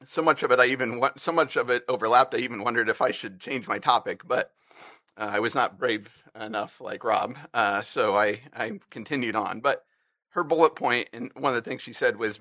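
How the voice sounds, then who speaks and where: Bright earnest man at a church lectern. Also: medium pitch, no room sound, studio quality. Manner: earnest, halting with fillers, briefly emotional. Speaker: church member giving a personal reflection. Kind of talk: personal reflection talk to a congregation.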